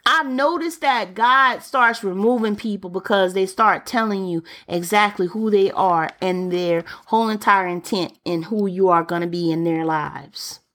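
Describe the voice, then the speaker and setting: A woman delivers a sermon as a preacher, her voice sitting at an ordinary middle pitch. She talks emphatically and returns to key phrases again and again to press her point home. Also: unhurried, few pauses, fairly bright tone.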